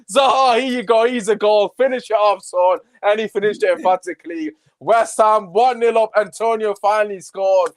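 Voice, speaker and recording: A man hosting a casual podcast chat, animated and mocking rival fans, swearing freely. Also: high-pitched, moderate pace, few pauses. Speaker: podcast host.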